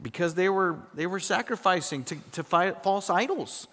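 A man preaching a sermon to a congregation, animated, checking in with his listeners as he goes. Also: high-pitched, normal speed. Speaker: pastor. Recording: long hall reverb.

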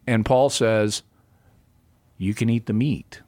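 A man speaks at length as the guest expert on a call-in radio show. His voice sits a bit low, and he lays out his points in a measured way, thinking aloud as he goes. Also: dark tone. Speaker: apologist guest.

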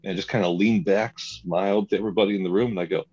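A young man telling a comic story in a casual chat, animated and laughing often as he acts out what people said. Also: low-pitched, a little fast, highs cut off, soft background music.

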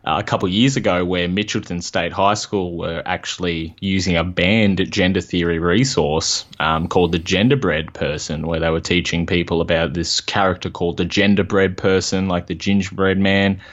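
Male podcast host, very low voice, indignant, muffled lo-fi recording. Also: steady tone, normal speed, hardly any pauses, a bit bright. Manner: indignant, says "mate" often. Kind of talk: casual podcast chat. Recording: dull lo-fi audio.

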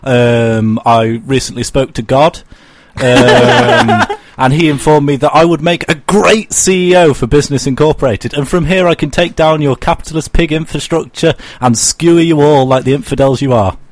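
A man improvising a fanatical male religious zealot, speaking slowly and earnestly with menace. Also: on the high side, dry recording, close to an everyday voice. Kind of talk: improv comedy.

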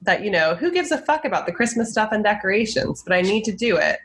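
A woman's voice: medium pitch, big pitch swings, fast, voice pushed up. Woman imitating a dismissive political wife. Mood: exasperated. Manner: curt, profane, exasperated.

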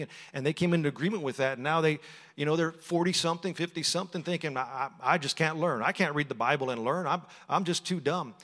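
Animated male preacher in an echoing church. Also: a little high. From Texas. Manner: conversational storytelling, animated, laughs often. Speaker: guest preacher. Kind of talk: sermon. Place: church sanctuary. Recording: long hall reverb.

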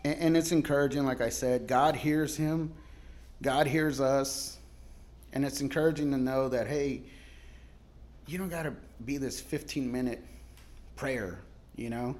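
A male guest pastor giving a sermon in a casual, storytelling way, laughing often and moving between loud cries and quiet asides. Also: mid-range voice, moderate pace.

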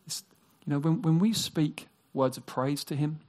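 A man preaching a sermon, animated, acting out quoted voices and dropping into hushed, near-whispered passages. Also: fairly high pitch, moderate pace. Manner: animated, acts out quoted voices, drops to a hush.

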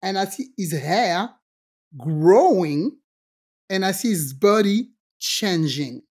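Lively woman telling a strange story, a bit low-pitched. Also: slow, husky. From Guadeloupe, French Caribbean. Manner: animated, acts out quoted voices, many restarts. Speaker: podcast co-host telling a story. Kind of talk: casual storytelling chat.

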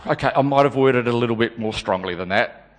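A man's voice: mid-range voice, quick pace, lightly acted. A man performing a dramatic monologue as a remorseful male disciple, stammering and repeating his words. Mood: agitated. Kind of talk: dramatic first-person monologue. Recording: long hall reverb.

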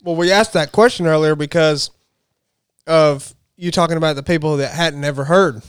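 A man with a noticeably high, smooth voice chats loosely about faith. He rambles, restarts his sentences and pokes fun at himself. The sound is dry and close. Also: moderate pace, no echo. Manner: rambling, self-correcting, joking. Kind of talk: casual faith discussion.

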